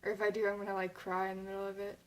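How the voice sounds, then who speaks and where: A young woman vlogging to her camera in a loose, rambling way, full of fillers and restarts. Her voice sits at an ordinary pitch, and she sounds slightly emotional. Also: monotone, rapid-fire, low-quality recording. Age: young adult. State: emotional, near tears. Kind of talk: casual chat to camera.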